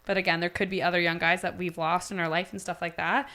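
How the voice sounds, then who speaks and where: A woman in her late twenties from Ontario, Canada, a podcast guest telling a story in lively casual chat, with "like" in nearly every phrase. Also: on the low side, quick pace. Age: late 20s. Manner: animated storyteller, peppered with "like".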